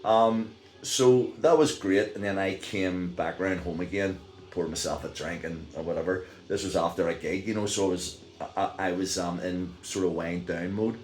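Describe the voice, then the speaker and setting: A middle-aged Northern Irish man tells a story in a loose, rambling way, full of fillers and restarts. His voice sits very low, and the room around him sounds echoey. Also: fairly even intonation, moderate pace, darkish tone, a little hiss or hum. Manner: rambling, many fillers and restarts, chuckles while telling. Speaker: vlogger. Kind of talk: casual storytelling.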